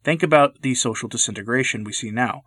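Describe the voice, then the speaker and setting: A man's voice: medium pitch, fast talker, fairly bright tone, no room sound. Earnest man reading commentary, dry close sound. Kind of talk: scripted commentary narration.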